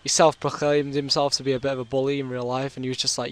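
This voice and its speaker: A man's voice: mid-range voice, flat delivery, fast, hardly any pauses. Chatty British guy with a sore throat. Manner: rambling, chatty, full of fillers. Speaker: gaming commentator. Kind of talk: casual storytelling over gameplay.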